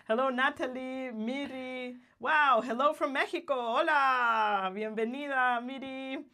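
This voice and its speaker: A woman's voice: sits high, a little slow, sharp tone. A woman from Guatemala co-hosting a casual livestream, cheerful and laughing often as she greets viewers by name. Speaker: livestream co-host.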